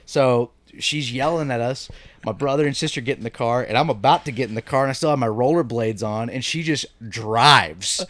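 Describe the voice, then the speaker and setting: A man in his thirties on a podcast, telling stories in casual chat and breaking into high, shrieking laughs. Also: normal speed, dry recording. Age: 30s. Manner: animated storyteller, bursts into high laughing shrieks. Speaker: podcast co-host.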